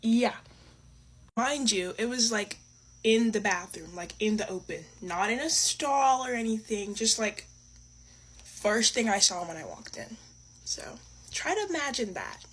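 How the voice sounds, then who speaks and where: A woman's voice: fairly high pitch, sing-song, unhurried, slightly rough. A woman telling a casual, confiding storytime about something she saw at school, dropping her voice for the juicy details. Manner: chatty and confiding, dropping to a hush for the juicy parts.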